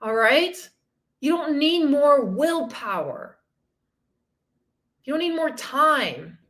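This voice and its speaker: High, bright-voiced woman coach in her thirties. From outside the country she lives in. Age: 30s. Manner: emotional, candid and encouraging, swears casually. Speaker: fitness and mindset coach. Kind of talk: solo podcast talk.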